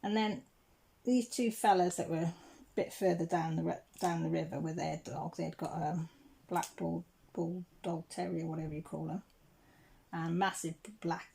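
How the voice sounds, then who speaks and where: A chatty English woman, middle-aged, spins a meandering anecdote from her home while she crafts. Her voice sits low with a gravelly, fry-laden edge, and she clears her throat as she goes. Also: steady tone, normal speed, warm tone, a little hiss or hum. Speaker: crafting channel host. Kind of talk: casual storytelling chat while crafting.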